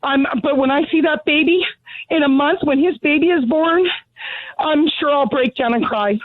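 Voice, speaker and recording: A woman's voice: sits high, normal speed, no echo. A middle-aged woman calling in, furious, blunt and sarcastic, out of breath as she speaks. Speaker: caller. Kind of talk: call-in radio rant. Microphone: telephone. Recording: tinny dry phone line.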